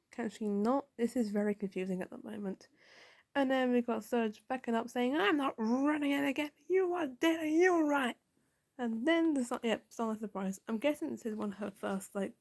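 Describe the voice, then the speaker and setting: A woman with a mellow, relaxed tone that sits a little higher than most. She talks through a comic book in a casual review, walking through each panel and reading the characters' lines aloud as she goes. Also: moderate pace. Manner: recaps panels and reads dialogue aloud.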